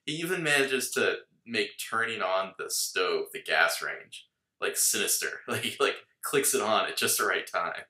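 A man's voice: fairly low pitch, expressive, normal speed, bright, forceful tone. A man co-hosting a podcast in casual chat, musing analytically and laughing often. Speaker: podcast co-host. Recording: roomy echo.

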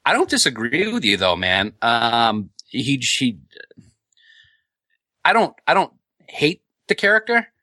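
A man's voice: medium pitch, sing-song, takes it slowly, long pauses, pushed and bright, no room sound. A man co-hosting a casual fan podcast, rambling with frequent ums and restarts. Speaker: podcast co-host.

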